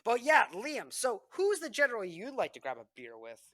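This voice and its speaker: This young man has a very high-pitched voice and a moderate pace, recorded dry. As co-host of a casual history podcast, he spins animated stories that ramble, thick with fillers and restarts.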